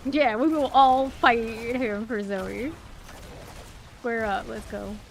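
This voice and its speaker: A woman, chatting casually while streaming a video game, chatty and quick to laugh. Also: fairly high pitch, steady tone, creaky, slight background noise. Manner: chatty, laughs often, trails off. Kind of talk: casual chat while gaming.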